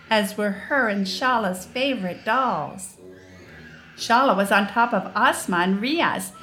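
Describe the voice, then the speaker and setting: A woman narrating a children's storybook in a gentle, expressive way. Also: a little high, a little hiss or hum.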